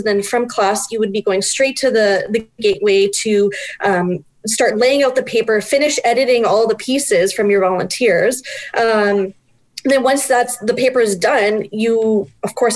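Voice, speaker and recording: A woman in her forties, a guest chatting casually, animated and self-deprecating with bursts of laughter. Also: a little high. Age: 40s. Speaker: guest, book project editor. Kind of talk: casual interview chat.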